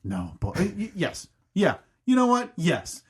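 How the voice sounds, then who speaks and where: A man in his thirties trades stories on a casual podcast, drifting and self-mocking as he talks. His voice sits a little high for a man. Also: huge pitch swings, unhurried, slightly rough. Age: 30s. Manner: rambling, self-mocking storyteller. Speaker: podcast co-host. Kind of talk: casual chat, storytelling.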